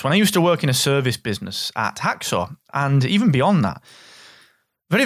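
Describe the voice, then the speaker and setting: A middle-aged man with a Northern English accent, hosting a solo business podcast in an energetic, straight-talking, jokey way. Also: medium pitch, dry recording, clean studio sound. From Northern England. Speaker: podcast host.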